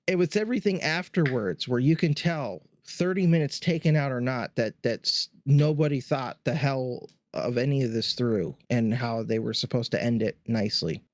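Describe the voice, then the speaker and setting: A man's voice: medium pitch, moderate pace, few pauses. A man co-hosting a podcast, reviewing a movie in casual chat, trailing off and restarting mid-thought. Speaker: podcast co-host.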